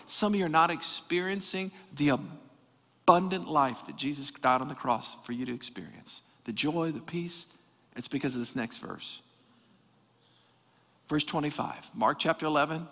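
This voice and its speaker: Animated pastor in his forties preaching. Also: a little high. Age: 40s. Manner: energetic preaching with jokes and crowd call-outs. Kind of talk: sermon. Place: church hall. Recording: reverberant church hall.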